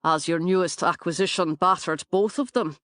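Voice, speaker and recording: A man's voice: high-pitched, normal speed, bright, forceful tone, no echo. A woman narrator voicing a blunt stable owner, dry and matter-of-fact.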